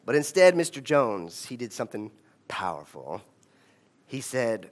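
A man's voice: medium pitch, very animated, unhurried. A man giving a conversational storytelling talk, often checking in with his audience. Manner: conversational, asks the audience "right?".

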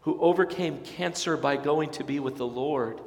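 A man preaching a sermon as pastor, swelling to loud emphatic peaks and dropping soft again, with folksy storytelling asides. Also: fairly high pitch, moderate pace. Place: church sanctuary. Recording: long church reverb.

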